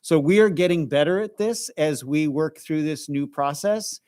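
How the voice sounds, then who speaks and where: A man with a somewhat high voice introduces a team's report to a school board. He speaks in a measured, grateful way with hesitant uhs, recorded dry and close. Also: a little mellow, smooth, no room sound. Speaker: school district administrator.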